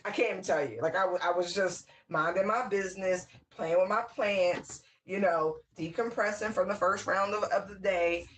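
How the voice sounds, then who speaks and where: A woman giving a casual spiritual tarot reading, emphatic and outspoken. She repeats her phrases, swears freely and breaks into excited whoops. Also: medium pitch, moderate pace, hardly any pauses, slight background noise. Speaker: tarot reader.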